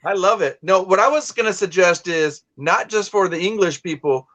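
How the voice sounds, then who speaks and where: A man's voice: high voice, normal speed, fairly bright tone, no room sound. A man from California hosting a casual live stream, telling rambling stories with many restarts. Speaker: host.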